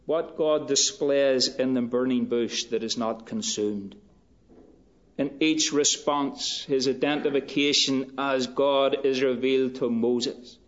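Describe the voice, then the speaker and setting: Slow, measured male preacher, lo-fi. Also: mid-range voice, steady tone. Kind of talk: sermon. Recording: dull lo-fi recording.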